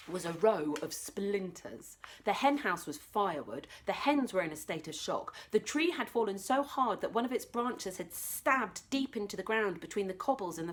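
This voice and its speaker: A woman reading a children's book aloud as a librarian, expressive, dropping to a whisper for tense moments. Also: medium pitch. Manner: expressive, drops to whispers for tension. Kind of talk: children's storybook read-aloud.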